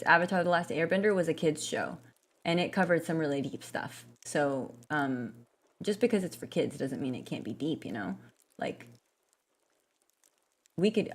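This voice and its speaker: A woman's voice: low-pitched, fairly bright tone. A woman gaming vlogger chatting casually and rambling, with lots of fillers and restarts. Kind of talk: casual chat while gaming.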